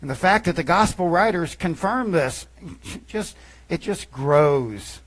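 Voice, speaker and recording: A man preaching a sermon as a pastor, reading scripture aloud and swinging between loud emphasis and hushed asides. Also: a little high, lively intonation, a little slow, low-quality recording.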